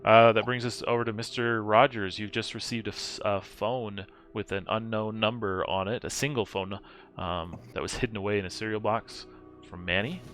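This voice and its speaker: Casual low-voiced male game master. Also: steady tone, normal speed, fairly bright tone, soft background music. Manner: casual, with frequent fillers. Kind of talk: narrating a tabletop game.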